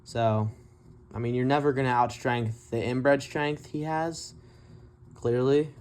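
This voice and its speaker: A man's voice: medium pitch, steady tone, slow pace, a little mellow. A man giving casual, profane commentary on a fight, blunt and mocking as he rants. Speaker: MMA commentary vlogger.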